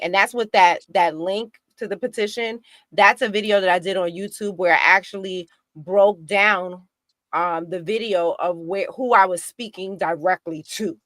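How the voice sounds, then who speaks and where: A woman talking in a casual political discussion, animated and indignant, with many restarts. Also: on the low side, no room sound, clean studio sound. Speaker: guest activist.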